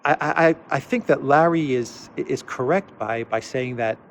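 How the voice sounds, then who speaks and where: A man's voice: medium pitch, moderate pace, a little hiss or hum. A man hosting an unscripted commentary monologue, hesitant with frequent restarts and fillers, then emphatic on his key points. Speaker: political commentary host.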